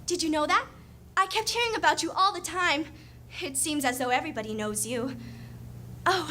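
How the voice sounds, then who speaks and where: A woman playing a gushing, high-voiced young woman. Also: sharp tone, a little hiss or hum, full character voice. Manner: gushing, eager, chatty. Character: excited young woman home from Paris, gushing. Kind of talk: stage monologue. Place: stage.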